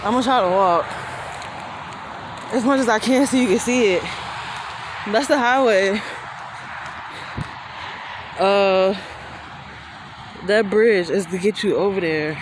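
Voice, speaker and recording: A woman vlogger out of breath as she walks a rest-area trail, chatting casually and rambling in relaxed slang into a handheld phone. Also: medium pitch, slow pace, pauses often. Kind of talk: casual vlog narration while walking. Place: outdoors at a highway rest area. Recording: outdoor traffic noise.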